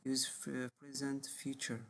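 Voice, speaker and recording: A man's voice: medium pitch, monotone, normal speed, a bit bright. A man teaching a one-on-one English grammar lesson over a call, patient and repeating words often.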